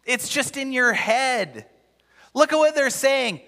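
A man's voice: very high-pitched, expressive, takes it slowly, pushed and bright, in a large hall. A man preaching a casual, conversational sermon in a church, full of rhetorical questions. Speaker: pastor.

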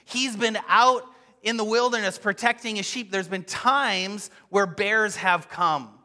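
Bright fairly high guy preaching, acts out the quotes, big hall echo. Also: unhurried. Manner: expressive storytelling, acting out quotes. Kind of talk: sermon. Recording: long hall reverb.

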